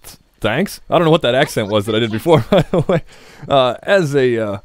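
A man's voice: medium pitch, expressive, fairly quick, no room sound, clean studio sound. A man casually commenting on his gameplay as a Let's Play host, rambling and joking with his viewers. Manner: rambling, jokey, talks to viewers.

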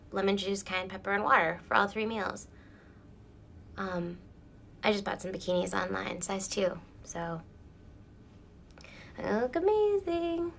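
A woman's voice: mid-range voice, gravelly, a little hiss or hum. An actress playing a bubbly, gossipy, self-absorbed young office woman in a sitcom, talking in chirpy, breathless chatter. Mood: whiny. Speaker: office customer service rep. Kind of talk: sitcom acting.

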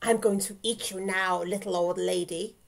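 A woman's voice: medium pitch, fairly even intonation, normal speed, creaky, lightly acted. Woman doing a growling, sulky lion. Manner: growling, roaring. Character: roaring, sulky male lion, hungry.

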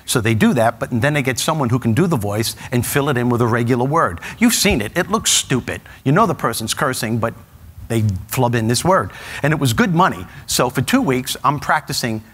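A middle-aged man, a comedian telling a stand-up story and acting out the quotes with animated energy. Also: medium pitch, fairly quick, husky. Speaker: comedian and motivational speaker.

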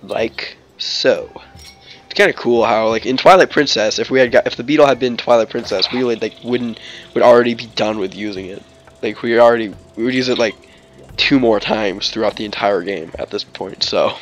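A man's voice: mid-range voice, normal speed, muffled recording, slight background noise. A man narrating his gameplay in a casual, rambling way, full of "like" and restarts, with jokes and snatches of song. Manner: jokey, breaks into snatches of song and silly voices. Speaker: let's play host.

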